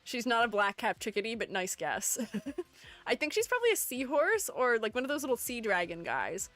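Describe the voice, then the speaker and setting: A woman with a fairly high, widely swinging voice chats playfully at a moderate pace, her tone fairly bright over soft background music. She's a streamer ranking game character designs, reading viewers' messages aloud and answering them in casual livestream talk.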